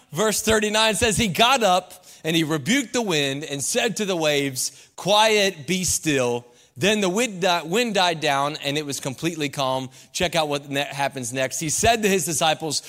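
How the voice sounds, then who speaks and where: A young man preaching a sermon as campus pastor, conversational and animated, climbing high and loud when he acts out asides.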